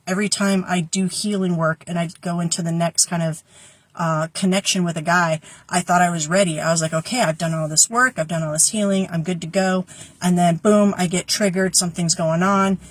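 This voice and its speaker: Low-voiced chatty woman, dry close sound. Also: no echo. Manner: chatty, tangents, laughs easily. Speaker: spiritual guidance host. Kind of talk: casual spiritual talk to viewers.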